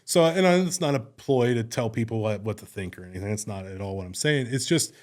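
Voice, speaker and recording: A man's voice: mid-range voice, darkish tone. A middle-aged man speaking as a guest in a casual conversation, earnest and rambling, often restarting his sentences.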